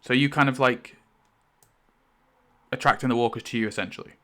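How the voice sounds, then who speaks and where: A man's voice: mid-range voice, fairly even intonation, fairly quick, a bit bright. A man running a tabletop game as game master, rambling with many fillers and laughs.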